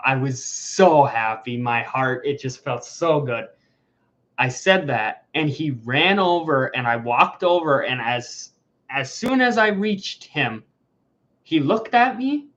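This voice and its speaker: A man's voice: medium pitch, a bit bright. Rambling man on a dull lo-fi stream. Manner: rambling, restarts and repeats words. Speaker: livestream host. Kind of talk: casual livestream chat. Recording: dull lo-fi sound.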